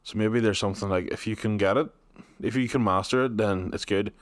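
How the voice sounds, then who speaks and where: A man's voice: lowish voice, brisk, no echo, studio quality. A young man with a Northern Irish accent, co-hosting a podcast in playful casual chat. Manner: playful, jumps into silly voices. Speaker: podcast co-host.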